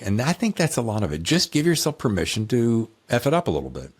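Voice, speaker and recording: A man's voice: mid-range voice, huge pitch swings, fast, hardly any pauses, husky. A man hosting a podcast, chatting casually and upbeat with his guest and listeners, laughing easily. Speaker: podcast host. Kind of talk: casual interview chat.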